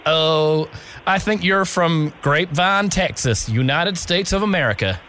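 A man's voice: very high voice, animated, moderate pace, pushed and bright, slight background noise, pitched above the performer's own voice, exaggerated voice. A man putting on an exaggerated fake American accent for a prank call, stretching his R's. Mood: chummy. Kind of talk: prank call comedy bit.

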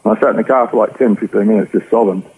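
Man, Australian accent, husky low voice, fast slangy storytelling, phone-line sound. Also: slight background noise. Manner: rapid, rough storytelling with slang. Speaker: interview guest. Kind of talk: personal testimony.

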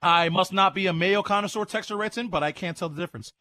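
A man on live radio tasting a sandwich and reacting with loud excitement, talking while he eats at home. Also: sits high, quick pace, dry recording. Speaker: radio co-host. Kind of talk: live radio food review.

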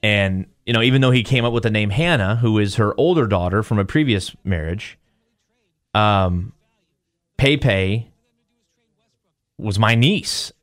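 A man's voice: on the low side, measured pace, pauses often, no echo, clean studio sound. A male podcast host retells a story casually, acting out quotes as he goes. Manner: animated retelling, acts out quotes.

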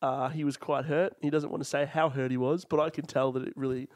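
A man's voice: fairly high pitch, level tone, fairly quick, a little mellow, dry recording. A young Australian man co-hosting a comedy podcast, rambling in a mock-formal way into a close mic. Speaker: podcast co-host. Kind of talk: casual comedy podcast chat.

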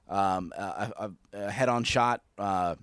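A man's voice: fairly low pitch, slow, fairly bright tone, no echo, studio quality. A man co-hosting a podcast, talking casually about a TV episode, hesitant with stammering restarts. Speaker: podcast co-host.

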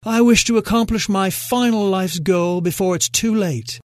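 A man's voice: high voice, normal speed, dry recording, studio quality, lightly acted. A man doing a frail old British collector. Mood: pleading. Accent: British upper-class. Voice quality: slightly slurred.

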